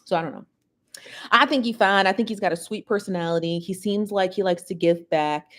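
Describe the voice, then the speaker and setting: A woman's voice: mid-range voice, fairly quick. A woman hosting a casual celebrity gossip livestream, chatty and laughing often as she talks straight to her viewers. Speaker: livestream host.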